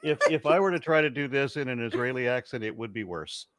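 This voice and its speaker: A man hosting a casual panel chat, easygoing and quick to laugh along. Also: mid-range voice, very noisy. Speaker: host.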